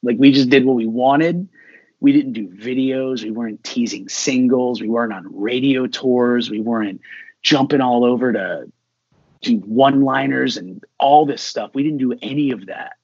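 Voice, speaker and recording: A man's voice: mid-range voice, normal speed, slightly rough, no room sound. A middle-aged man, a musician guest, telling a story in a casual interview and acting out what others said. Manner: animated, acts out quoted dialogue. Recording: dull lo-fi sound.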